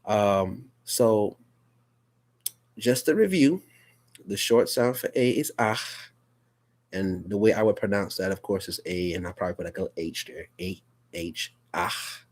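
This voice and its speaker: Male teacher, very low voice, patient and repetitive, casual live phonics class. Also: moderate pace, long pauses, a little mellow. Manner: patient, repetitive, checks in with "okay?".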